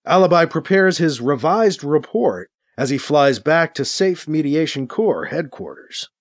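Lively man narrating a radio drama. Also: a little high, unhurried, dry recording, studio quality.

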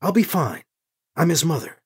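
A narrator voicing a calm, earnest young woman who speaks plainly. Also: deep voice, normal speed, breathy edge, exaggerated voice. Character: calm young mother rescuing a prisoner.

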